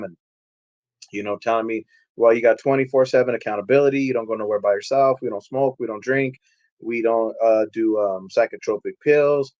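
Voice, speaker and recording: A man's voice: mid-range voice, a little mellow, no room sound, lo-fi sound. A man, a pastor and podcast guest, telling his life story in a candid, streetwise way, acting out what people said. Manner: candid, streetwise, acts out quotes. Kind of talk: casual storytelling.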